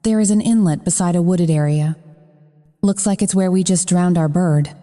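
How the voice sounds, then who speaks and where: A woman voicing a brooding, protective male mobster, speaking in a soothing low murmur. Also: moderate pace, dark tone, big-room sound, lightly acted. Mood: calm.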